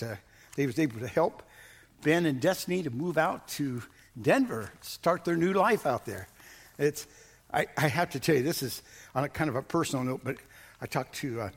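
A man preaching a sermon in a folksy, storytelling way, often repeating words and building up to emphatic outbursts. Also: on the high side. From Missouri. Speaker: pastor.

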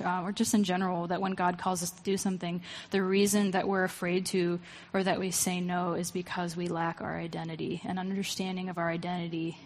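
A woman's voice: on the low side, big-room sound. A woman giving a casual, conversational sermon, reading verses and musing aloud with many fillers and asides. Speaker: preacher.

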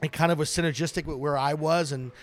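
A middle-aged man from New City, a pastor telling his story in a relaxed, self-deprecating interview chat. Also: a little high, fast talker. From New York City. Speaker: guest pastor and ministry director.

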